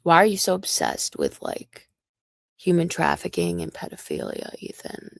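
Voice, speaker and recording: A woman's voice: low voice, wildly swooping pitch, unhurried, creaky, slightly rough, no echo, clean studio sound. A young woman delivering a profane, confrontational livestream rant aimed directly at one man.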